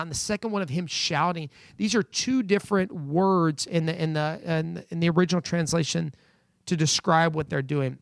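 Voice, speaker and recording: A man's voice: on the high side, creaky, no room sound. A man preaching a sermon from home, speaking earnestly and building emphasis as he quotes scripture. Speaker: pastor. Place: at home during quarantine.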